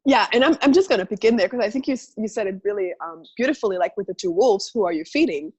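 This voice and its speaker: A woman's voice: medium pitch, expressive, fast talker, husky, dull audio. A woman speaking as a guest facilitator in a conversational video call, reflective and full of questions, acting out inner voices.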